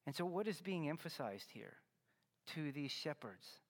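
Speaking slightly high and unhurried, with wide swings in pitch, this pastor preaches at Christmas in a big-sounding room. He teaches earnestly, building up to forceful emphasis on important words.

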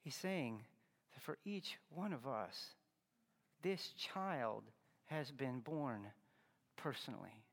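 A man's voice: medium pitch, lively intonation, slow, gravelly, long pauses, a bit bright, long reverb tail. A man preaching a Christmas sermon, earnest and teaching, pressing hard on key words. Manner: earnest, teaching, rising to emphatic stresses. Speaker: pastor.

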